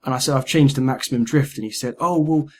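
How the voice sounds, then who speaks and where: Husky man chatting about games. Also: medium pitch, quick pace. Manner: animated, acts out quoted lines. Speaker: podcast host. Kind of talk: casual gaming chat.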